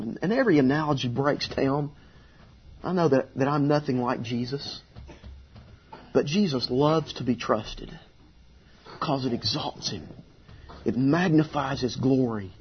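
A man's voice: mid-range voice, slightly rough, highs cut off. A man preaching a sermon as pastor, earnest and conversational, repeating key phrases for emphasis.

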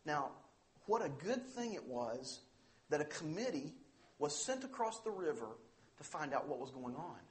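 A man's voice: fairly high pitch, sing-song, moderate pace. A man preaching a sermon, earnest and emphatic, pressing hard on the scripture he reads out. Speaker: pastor.

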